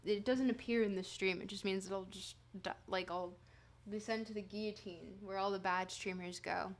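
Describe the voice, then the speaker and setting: A woman's voice: mid-range voice, fairly even intonation, normal speed. A woman streamer reading philosophy aloud on a livestream in a put-on reading accent. She stumbles and corrects herself, then breaks off for playful, self-mocking asides to her chat.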